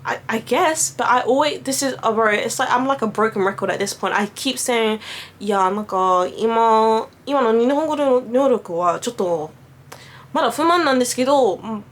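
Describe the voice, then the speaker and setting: A woman's voice: a little high, lively intonation, fairly quick. A young woman whose first language is French, rambling through a casual story, swearing freely and acting out the voices of the people she quotes. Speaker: vlogger.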